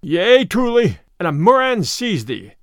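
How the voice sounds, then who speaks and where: A man's voice: sits high, very animated, brisk, fairly bright tone, no room sound, studio quality, full character voice. A man voicing a burly outlaw who has been beaten, roaring and grumbling in archaic speech.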